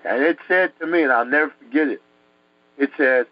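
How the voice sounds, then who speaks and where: A man's voice: a little high, normal speed, long pauses, no echo. A man from New York telling a dramatic personal story, emphatic and repeating words for effect. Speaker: guest telling his testimony. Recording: dull dry recording.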